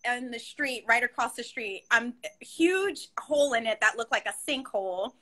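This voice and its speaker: High bright-voiced woman rambling casually on a call from her salon. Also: animated, normal speed. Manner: chatty, rambling, filler-heavy. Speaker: guest, brow salon owner. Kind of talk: casual chat. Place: at work between clients.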